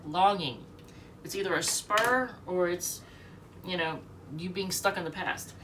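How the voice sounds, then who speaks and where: This tarot reader, unwell and short of breath, chats and rambles through a home reading while reciting what each card means. She speaks unhurriedly in a fairly low pitch, far from the mic, with background noise.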